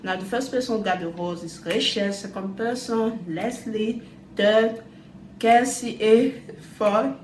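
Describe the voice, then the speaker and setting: A woman's voice: medium pitch, slight background noise. Chatty woman in a roomy space. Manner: chatty, loose grammar, quick asides. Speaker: reality TV recap vlogger. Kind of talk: casual chat recap.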